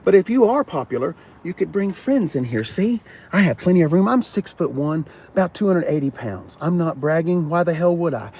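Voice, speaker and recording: A man's voice: fairly high pitch, lively intonation, brisk, dark tone, breathy edge. A middle-aged man joking and teasing as he shows cars around a car lot. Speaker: car dealership vlogger. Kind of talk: casual walkaround chat.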